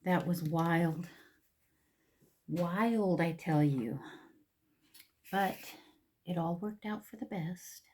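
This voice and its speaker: A woman chatting casually through a makeup tutorial, slipping into soft whispers now and then. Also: fairly low pitch, extremely slow, long pauses, slight background noise. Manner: chatty, drops into whispers, repeats words. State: a little out of breath. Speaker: makeup vlogger.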